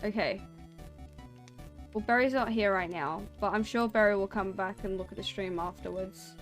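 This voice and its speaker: A woman's voice: medium pitch, normal speed. Woman streamer reading a scary story off a desk mic, faint music behind. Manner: storytelling, then chatty and self-conscious. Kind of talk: reading a spooky story aloud.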